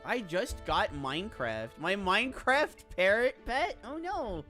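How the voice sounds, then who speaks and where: A woman's voice: medium pitch, very animated, unhurried, fairly bright tone, faint music behind. A woman streamer chatting casually with her viewers in a chatty, bubbly way. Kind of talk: casual live-stream chat.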